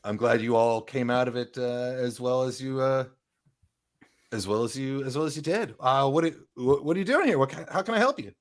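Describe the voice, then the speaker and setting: A man voicing a brisk gray-haired woman merchant in her fifties, in a loud, hearty falsetto. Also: close to an everyday voice.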